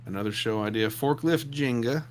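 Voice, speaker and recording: A man's voice: mid-range voice, normal speed, slight background noise. A man co-hosting a casual live chat show with wry, joking commentary.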